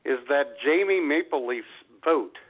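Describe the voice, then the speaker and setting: A man co-hosting a comedy radio show, wry with deadpan asides. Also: fairly high pitch, a little slow. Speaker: co-host. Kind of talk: casual comedy radio banter. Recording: tinny phone-like sound.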